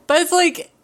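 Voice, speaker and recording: A woman's voice: very high voice, fairly bright tone. A young woman co-hosting a casual podcast chat about a horror movie, rambling, trailing off and laughing often. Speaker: podcast co-host.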